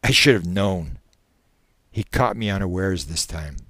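A man voicing a terrified man under regression hypnosis, a former preacher, with shrill panicked outbursts. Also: expressive, unhurried, fairly bright tone, no room sound, clean studio sound. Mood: wry relief.

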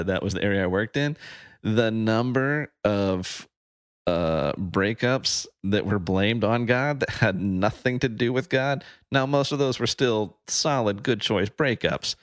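Deep-voiced man, relaxed podcast host. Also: a little slow, dry recording, clean studio sound. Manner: relaxed, joking, rambling asides. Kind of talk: casual chat.

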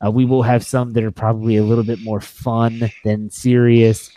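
Talking sports movies on a podcast he co-hosts, a young man speaks at medium pitch in a level, dark tone and at normal speed. He rambles with enthusiasm and often corrects himself mid-sentence. There is no echo.

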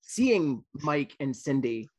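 A man's voice: medium pitch, very animated, slow pace, darkish tone, breathy edge. A man co-hosting a podcast, joking and throwing in quips during a casual interview. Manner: jokey, quips and bits. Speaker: podcast co-host.

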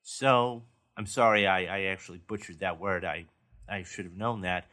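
A man's voice: sits low, moderate pace, bright, forceful tone. A man hosting a movie news podcast, reading out stories and then chatting about them casually. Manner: reads news stories aloud, then chats. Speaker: podcast host.

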